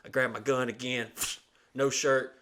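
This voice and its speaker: A man's voice: medium pitch, steady tone, a little slow, a bit bright. A young man hosting a podcast, telling a crude, rambling story in a casual, profane way and acting out the quotes. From Southern United States. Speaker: podcast host.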